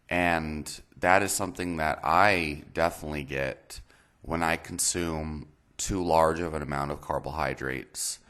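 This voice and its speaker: Low voiced guy talking slow, lots of ums, laid back explainer. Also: fairly bright tone. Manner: meandering, many fillers and pauses. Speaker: health channel host. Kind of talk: casual explainer talk.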